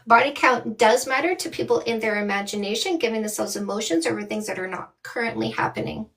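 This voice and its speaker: A woman with a high, bright-pitched voice talks straight to her live-stream audience, blunt and animated, calling them "my loves." She sounds set back from the microphone. She is a middle-aged dating coach from Canada. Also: fast talker, gravelly, recorded from a distance. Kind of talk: casual live-stream chat.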